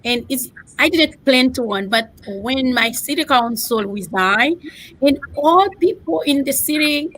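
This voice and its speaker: A middle-aged woman from Haiti with a Haitian accent, a political candidate speaking earnestly and haltingly, with pauses and fillers, over a video call. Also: high-pitched, lively intonation, fairly bright tone, low-quality recording. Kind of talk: earnest personal account on a panel.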